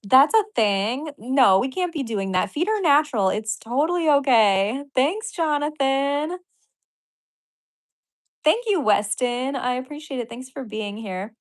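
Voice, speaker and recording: A woman's voice: high-pitched, expressive, a little slow. A woman comedian and podcaster chatting casually on a livestream, giddy and apologetic, gushing thanks to viewers and laughing often. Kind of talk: casual livestream chat reacting to donations.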